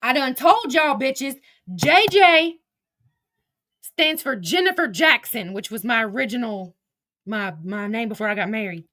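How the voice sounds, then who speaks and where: In a heated livestream rant, a middle-aged woman swears and picks fights, speaking directly to her viewers' chat and to critics who aren't present. Her voice leans high and sounds sharp and expressive, at a moderate pace.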